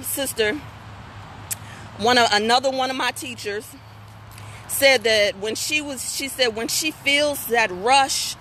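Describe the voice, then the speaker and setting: A woman's voice: high voice, a little hiss or hum. A middle-aged woman hosting a live women's talk stream, reading viewer comments and telling frank, folksy stories with asides to her audience. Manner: candid, folksy, animated storytelling with asides to viewers.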